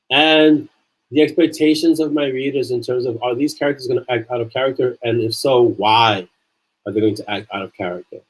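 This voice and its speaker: Male author-host, casual chat, earnest and emphatic, average pitch. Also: a little mellow, husky, rough recording. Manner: earnest, repeats phrases for emphasis. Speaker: author hosting a livestream chat.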